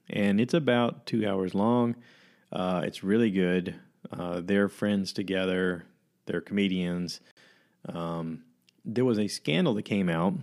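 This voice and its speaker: A man telling a long story in a casual chat, animated and acting out the quoted voices. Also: low-pitched, a little slow.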